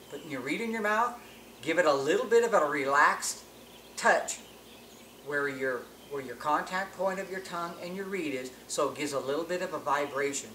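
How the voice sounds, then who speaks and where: A man's voice: fairly high pitch, a bit bright. Plain-spoken man teaching elk calls, echoey. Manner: plain-spoken, restarts phrases while explaining. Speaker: elk calling instructor. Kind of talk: hunting-call tutorial. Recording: echoey with faint ambient noise.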